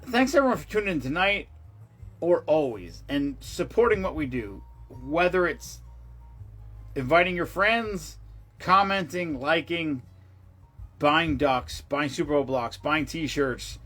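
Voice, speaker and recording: A man's voice: a little high, bright, forceful tone, breathy edge. A man hosting a charity livestream, chatting casually with viewers in a rambling, profane way, with many restarts.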